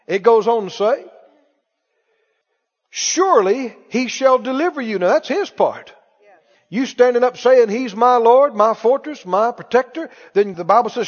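High-voiced male preacher in echoey hall. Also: muffled recording. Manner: exhorting, quizzes the congregation. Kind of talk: sermon.

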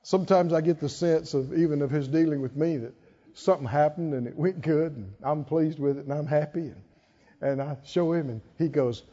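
A man's voice: on the high side, brisk, mellow. A man preaching a sermon at a conference, talking in a conversational way, often laughing and asking the congregation questions. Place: church or conference hall. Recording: dull sound with hall reverb.

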